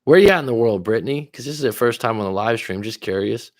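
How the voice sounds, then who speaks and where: A man's voice: fairly low pitch, fast talker, dry recording, clean studio sound. Profane, chatty male livestream coach. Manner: loose, profane, chatty, reacting to comments. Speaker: life coach hosting a livestream. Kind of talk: casual livestream chat reading viewer comments.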